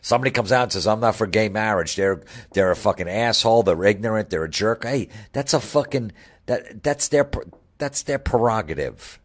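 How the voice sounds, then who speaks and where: A man's voice: fairly low pitch, animated, normal speed. A middle-aged man hosting a comedy podcast, ranting bluntly and swearing constantly. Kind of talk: profane comedic rant.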